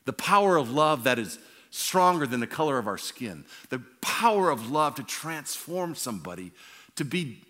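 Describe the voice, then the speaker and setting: Pastor in his sixties, bright ringing voice. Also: mid-range voice, sing-song, normal speed. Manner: storytelling, swings from loud to hushed. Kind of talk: sermon. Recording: long reverb of a large hall.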